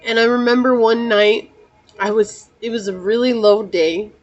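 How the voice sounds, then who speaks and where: A woman's voice: a little high, steady tone, moderate pace, dull audio, faint music behind. A woman host talking earnestly and emotionally to her viewers, near tears at times, repeating phrases and often saying "you know". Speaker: tarot channel host. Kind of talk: personal heartfelt talk to viewers.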